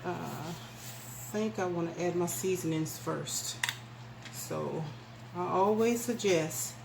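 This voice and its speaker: Filming herself alone on a camera mic, a woman hosts a cooking channel and talks viewers through a recipe in her small home kitchen, casual and folksy. Her voice is fairly low, slow, and full of vocal fry. The kitchen sounds echoey, with noise in the background.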